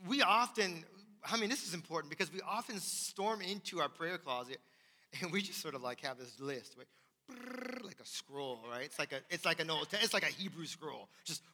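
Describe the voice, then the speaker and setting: A man's voice: fairly high pitch, brisk, pushed and bright. A man preaching a sermon as pastor, emphatic and repeating his key phrases. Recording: long hall reverb.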